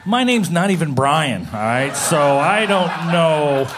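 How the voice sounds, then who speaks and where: A man's voice: on the high side, animated, slow pace, background noise. A man performing stand-up, telling wry anecdotes. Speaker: stand-up comedian. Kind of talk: stand-up comedy set. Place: comedy club stage.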